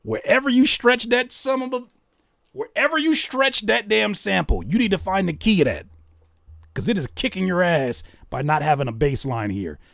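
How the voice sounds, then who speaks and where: A man hosting a casual livestream, reacting to music and joking with chat in an animated way. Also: high voice, moderate pace, gravelly, no room sound, clean studio sound. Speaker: livestream host giving music feedback.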